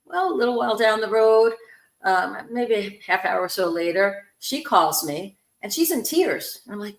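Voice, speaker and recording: A woman hosting a spiritual talk show, telling a story warmly and acting out the voices in it. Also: a little high, moderate pace, echoey room. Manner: animated storyteller, acts out quoted voices. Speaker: host, spiritual medium.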